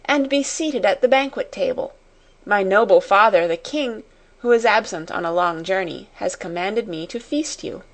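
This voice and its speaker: A woman's voice: mid-range voice, moderate pace, close to an everyday voice. A woman voicing an imaginative young girl, gracious and dreamy, who speaks in a grand, storytelling way.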